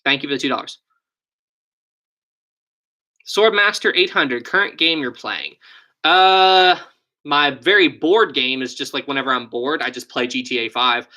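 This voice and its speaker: Bright-voiced West Virginian man chatting. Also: mid-range voice, animated, a little slow, long pauses. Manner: chatty, reads and answers viewer questions, thinks aloud. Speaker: live stream host. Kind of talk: casual live stream chat. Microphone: desk USB microphone.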